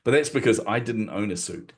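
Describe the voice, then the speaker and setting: A middle-aged man with a deep, low-pitched voice tells a story from his past as a podcast guest. He acts out what people said with lively shifts and often laughs at himself. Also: brisk. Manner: animated, acts out quotes, self-deprecating laughs. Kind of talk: storytelling in conversation.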